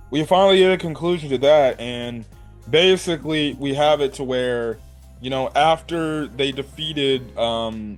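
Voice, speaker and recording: A man talks through an anime episode in a loose, rambling recap. His voice sits at an ordinary middle pitch, and he swears freely and keeps tossing in "right?" A little music plays faintly under him. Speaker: anime reviewer.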